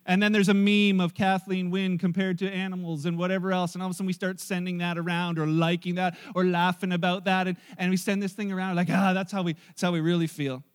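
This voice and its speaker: A pastor with a notably high voice, preaching in a loose, conversational way. He tells stories and slips into the voices of the people in them. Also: little pitch movement, fast, few pauses, smooth, long reverb tail. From Canada. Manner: chatty storytelling that acts out other people's lines. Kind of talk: sermon.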